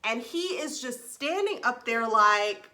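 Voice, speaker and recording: A woman with a bright, forward voice talks casually through her review. Her delivery is chatty and expressive, full of "like" and "um" and strong reactions. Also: fairly high pitch, takes it slowly. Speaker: TV show reviewer, channel host. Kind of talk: casual spoken recap and review.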